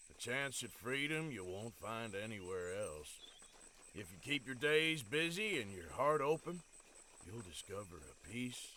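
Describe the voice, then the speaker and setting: A homespun frontier old-timer writing to a friend in a farming game. He speaks slowly and lets his voice rise and fall widely. The tone is bright. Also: medium pitch, slight background noise. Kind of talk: scripted game voice-over.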